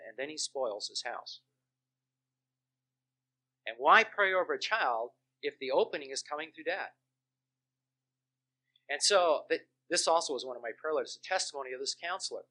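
A man preaching and telling testimonies in an earnest, emphatic way, stressing key words as he goes. His voice sits a little high for a man and rings bright and forceful. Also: animated, normal speed, pauses often. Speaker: Christian minister and counselor.

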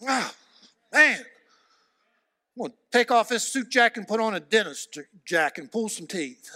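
A man preaching a sermon with emphatic repetition, swinging from loud shouts to hushed near-whispers. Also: high voice, moderate pace, no echo, studio quality.

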